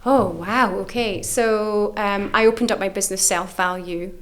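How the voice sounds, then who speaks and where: A middle-aged woman, an author and coach, telling stories in an interview with lively, acted-out quoted voices. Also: moderate pace. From United Kingdom. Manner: animated, acts out quoted voices with big pitch jumps.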